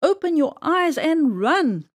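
Lady putting on a bouncy circus poodle guy, high-pitched, yelling orders, storybook voice. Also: sing-song, slow, heavily acted. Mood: urgent. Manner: loud, urgent commands. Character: excitable male circus poodle dog.

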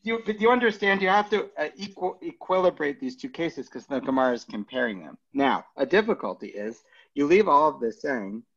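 Casual rabbi teaching, lo-fi. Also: male voice, fairly high pitch, animated, brisk, fairly bright tone. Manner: casual, joking, thinks aloud with many fillers. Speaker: rabbi teaching Talmud class. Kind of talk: informal Talmud lesson.

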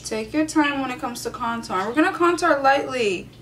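A woman's voice: high voice, animated, moderate pace, fairly bright tone, a little hiss or hum. A young woman doing a casual makeup tutorial, sassy and playfully profane, hyping herself up as she works. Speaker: beauty vlogger.

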